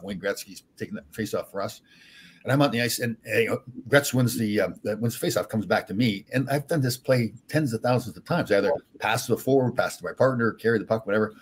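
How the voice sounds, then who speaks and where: An older man, a former hockey player, telling animated stories as a podcast guest with many restarts. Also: on the low side, slight background noise. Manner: animated, rambling anecdotes with frequent restarts. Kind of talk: casual storytelling.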